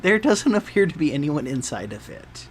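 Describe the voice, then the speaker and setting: A man narrating a tabletop game as game master, describing scenes in a measured, descriptive way. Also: on the high side, very animated, breathy edge.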